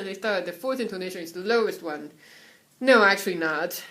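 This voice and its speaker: A woman's voice: mid-range voice, fairly quick. Taiwanese woman teaching Mandarin tones. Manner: relaxed, chatty, breaks off to soothe her cat; sings syllables and solfege to demonstrate tones. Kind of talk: casual home video lesson.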